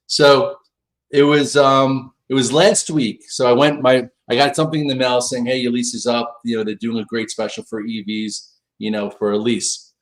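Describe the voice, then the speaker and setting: A man's voice: medium pitch, little pitch movement, moderate pace. A middle-aged man, a pro trader, casually telling a story on a live stream, acting out quoted dialogue with big jumps in his voice.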